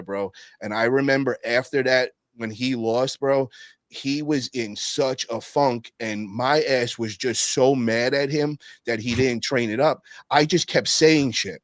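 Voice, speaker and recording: A man in casual podcast chat, swearing freely and calling everyone bro. His voice sits in a middle register but leaps high when he acts out what others said. The sound is dry and close. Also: dry recording. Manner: profane, animated, peppers speech with "bro". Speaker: guest telling stories.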